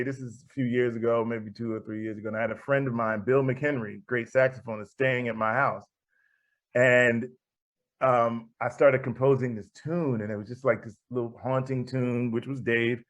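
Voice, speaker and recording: A man of mid pitch, a jazz composer, spins a story in a relaxed interview, acting out the voices he quotes and laughing often. The podcast audio is a little muffled and lo-fi. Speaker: guest jazz musician and composer.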